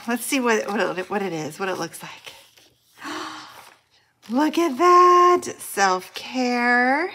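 A middle-aged woman with a raspy voice, gushing and laughing as she unboxes mail for her budgeting channel. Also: medium pitch, slight background noise. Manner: gushing and excitable, laughs often. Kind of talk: casual unboxing chat to camera.

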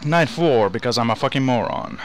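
A man's voice: mid-range voice, lively intonation, a little fast, a little hiss or hum, rough recording. A young man, casually narrating a horror game in a jittery, sweary way and talking to its characters. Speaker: gaming YouTuber. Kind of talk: casual let's-play commentary. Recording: game music behind the voice.

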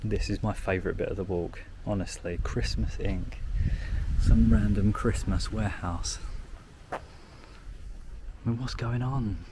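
A young man talks casually as he walks, filling his chatter with "like" and amused asides. His voice sits fairly low. Wind and passing cars come through loudly behind him. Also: a little slow, pauses often. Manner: chatty, amused commentary with frequent "like". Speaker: walking vlogger. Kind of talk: casual outdoor walking vlog. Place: outdoors, countryside fields and villages. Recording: outdoor noise, wind and passing traffic.

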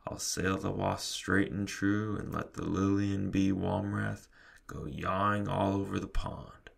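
A man voicing a brave, cheerful tiny mouse boy sailor who shouts eagerly, in a deep gravelly voice. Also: measured pace, exaggerated voice.

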